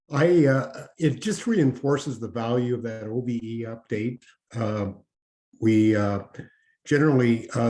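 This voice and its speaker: Halting man volunteer on a call. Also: medium pitch, a little mellow. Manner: halting, many uh fillers. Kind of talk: casual meeting chat. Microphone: video call.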